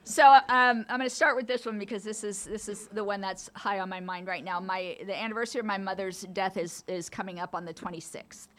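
Woman in her fifties, candid storyteller at a meeting mic, bright crisp voice. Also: medium pitch. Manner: candid, storytelling, laughs often. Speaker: AA meeting speaker. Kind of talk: personal recovery share. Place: meeting room.

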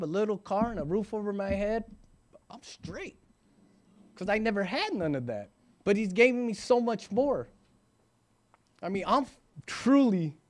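A man in his forties giving an earnest, emphatic recovery testimony, often checking in with "right?". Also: sits high. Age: 40s. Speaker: recovering alcoholic sharing his story.

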